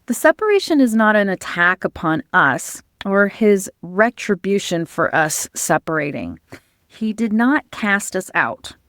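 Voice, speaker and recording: Slow, earnest woman teaching spiritual ideas. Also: fairly low pitch, dry recording, studio quality. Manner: calm, earnest, explanatory. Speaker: podcast host and spiritual teacher. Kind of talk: teaching talk over slides.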